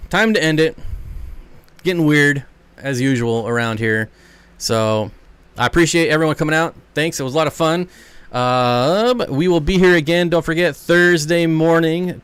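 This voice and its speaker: A man hosting a casual livestream from home, chatting with viewers and cooing to his dogs in a high voice. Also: moderate pace, fairly bright tone, smooth, dry recording. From United States. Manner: coos to his dogs in a high baby voice, talks back to chat. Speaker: livestream host of an aquarium channel.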